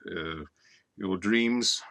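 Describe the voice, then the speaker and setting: A man's voice: low voice, very slow, pushed and bright. A man co-hosting a casual live-streamed talk show, joking around playfully and trailing off into fillers. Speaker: co-host.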